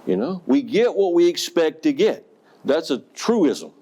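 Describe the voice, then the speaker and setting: A man's voice: a little high, measured pace. A man who was a school principal, giving a professional development talk to educators and telling stories with audience questions. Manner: storytelling, animated, asks the audience questions.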